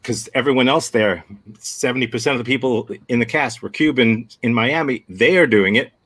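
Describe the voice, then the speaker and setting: An American man teaching an improv workshop over a video call, answering a student's question in a thoughtful, frank way with many halting restarts. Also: medium pitch, fairly bright tone. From United States.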